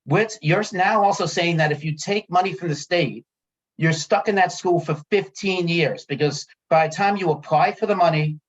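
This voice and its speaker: A man's voice: high voice, moderate pace. A man in a town meeting room, worked up and frustrated, circling back to the same points again and again. His voice comes through dull, lo-fi meeting audio. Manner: frustrated, heated, repeats himself. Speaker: resident speaking at a town committee meeting. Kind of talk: public comment at a meeting.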